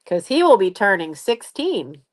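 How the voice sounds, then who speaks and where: A woman in her late fifties talks to her viewers in a relaxed live stream. Her pitch sits in the middle but moves a great deal as she tells the story. She laughs often and mimics the people she quotes. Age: 50s. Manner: animated, laughs often, acts out others' voices. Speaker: channel host.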